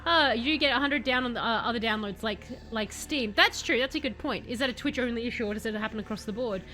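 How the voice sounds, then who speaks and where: A woman's voice: on the high side, quick pace, soft background music. A young woman streaming a video game, chatting casually with viewers in a rambling way. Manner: chatty, rambling, bursts of excited yelling. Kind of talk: casual let's-play chat with viewers.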